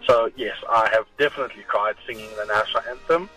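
Upbeat South African man, bright voice. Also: on the low side, fast, slightly rough, soft background music, low-quality recording. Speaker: athlete sending a voice note. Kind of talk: casual voice note.

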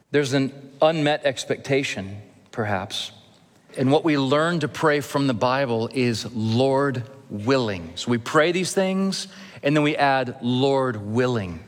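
A man preaches a sermon to his congregation in an earnest, measured manner, now and then lightening it with gentle humor. His voice sits at an ordinary male pitch. The sound carries the long reverb of a church hall. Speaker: pastor. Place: church sanctuary.

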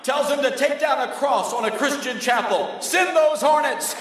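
A man preaching in a fiery sermon style, shouting with a preaching cadence. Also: extremely high pitch, normal speed. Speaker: radio preacher in a played clip. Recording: distant echoey clip with crowd noise.

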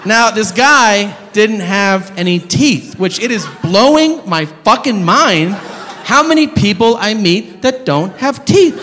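A man performing a stand-up comedy set, telling a story loudly and incredulously and shouting out the lines he acts out, on a club stage with the audience laughing. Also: sits high, expressive, slow pace. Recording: reverberant live venue with crowd noise.

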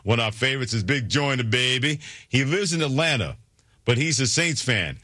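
A male sports radio host talking in a brisk, emphatic and playful way on a studio mic. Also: mid-range voice, animated, sharp tone, no room sound.

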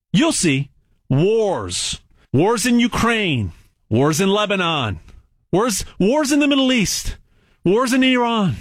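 An emphatic male pitchman whose voice swoops all over as he drives each point home, repeating words for punch. The recording is dry and close, with no room sound. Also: no echo. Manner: emphatic and repetitive, folksy asides. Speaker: gold sales pitchman. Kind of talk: direct-to-camera sales pitch.

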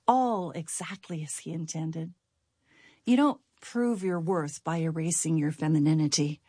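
A woman giving a Christian teaching talk to women in an earnest, measured way, with a personal story told in between. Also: fairly low pitch, dry recording, clean studio sound. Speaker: Bible teacher.

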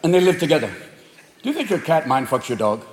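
A male stand-up comedian performing, animated, profane and loud. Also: a little high, quick pace, heavy background noise. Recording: echoey hall with loud crowd.

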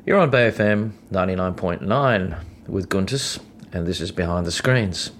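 A man's voice: sits low, normal speed, slight background noise. A man hosting a radio show, introducing clips and talking straight to the listener in a conversational way. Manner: conversational, addresses the listener directly. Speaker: radio host.

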